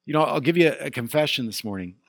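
A man's voice: mid-range voice, animated, fast, vocal fry, fairly bright tone, no room sound, studio quality. A middle-aged man preaching a sermon as pastor, telling a candid personal story and building to emphatic peaks.

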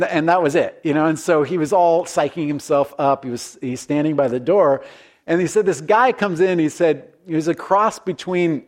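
Earnest folksy male pastor, slightly high. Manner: earnest, folksy storytelling with frequent restarts. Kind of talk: conversational sermon.

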